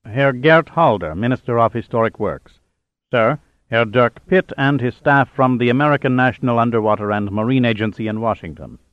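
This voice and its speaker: A man voicing a young navy dive officer, speaking in a solemn, measured way. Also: medium pitch, no room sound, lo-fi sound, lightly acted.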